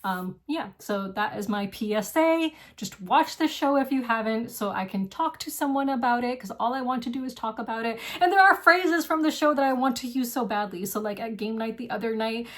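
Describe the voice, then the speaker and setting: Woman board game vlog host, casual and effusive, talks in rushing "like"-filled gushes. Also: a little high. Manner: gushing and effusive, heavy use of "like". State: single, lives alone.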